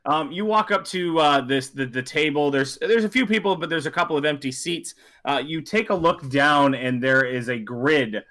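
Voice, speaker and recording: A man's voice: fairly high pitch, normal speed, hardly any pauses, a bit bright. A man narrating as dungeon master, often restarting and filling with "uh". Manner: hesitant, lots of restarts and fillers. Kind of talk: narrating a tabletop game.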